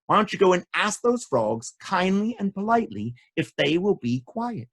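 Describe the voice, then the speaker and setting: A sensible storybook queen who speaks dryly to her foolish husband, voiced by a male storyteller. Her tone is patient and exasperated, with a lively sing-song lilt. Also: high-pitched, moderate pace, full character voice.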